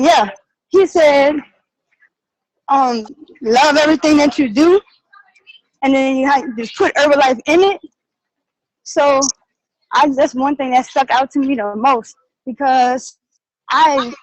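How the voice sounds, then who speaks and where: A woman, out of breath, sharing an excited, rambling, heartfelt testimonial on a group call. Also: high-pitched, dry recording, poor audio. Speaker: team member sharing on a call. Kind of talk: casual testimonial share.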